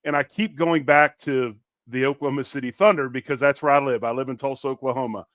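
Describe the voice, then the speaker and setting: A man's voice: medium pitch, quick pace, a bit bright, no echo, clean studio sound. A man co-hosting a sports podcast, talking in a passionate, emphatic way and repeating words when he gets fired up. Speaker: podcast co-host. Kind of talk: casual sports talk.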